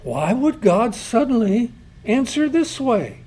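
A man's voice: sits high, lively intonation, unhurried, darkish tone. A man preaching a sermon, emphatic, asking rhetorical questions and quoting God and scripture.

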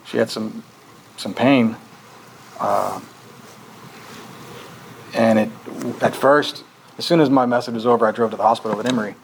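A man's voice: on the low side, steady tone, normal speed, gravelly, pauses often, slight background noise, rough recording. A man preaching a conversational sermon as pastor, earnest and questioning, often restarting his sentences.

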